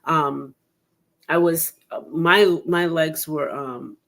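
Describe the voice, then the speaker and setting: A woman's voice: deep voice, slow, gravelly. A woman hosting a podcast in casual chat, telling her story with lots of laughter and acted-out quotes. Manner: animated storyteller who laughs often and acts out quotes. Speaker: podcast host.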